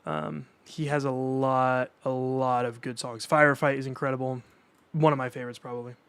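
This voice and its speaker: A man's voice: mid-range voice, level tone, normal speed, fairly bright tone, clear, resonant tone. A young man streaming live, reacting to new music in a casual, enthusiastic way and chatting with his viewers.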